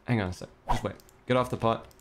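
A man's voice: fairly low pitch, fairly even intonation, fast, noisy background. A young man streaming a cooking game, talking to himself in a frantic, swearing rush and breaking into panicky outbursts. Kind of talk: gameplay commentary.

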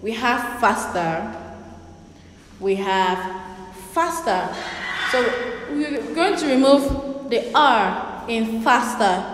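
A woman's voice: fairly high pitch, expressive, very slow, pauses often, noisy background. A woman teaching young children a spelling and reading lesson, spelling words out letter by letter and repeating them. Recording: echoey room with long reverb.

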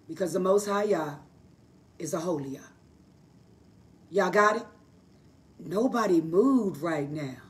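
A woman delivers a livestreamed Bible teaching in a voice worn hoarse. She preaches emphatically and folksily, pitched in the middle for a woman, and punctuates her points with call-and-response asides. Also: far from the mic. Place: live online broadcast.

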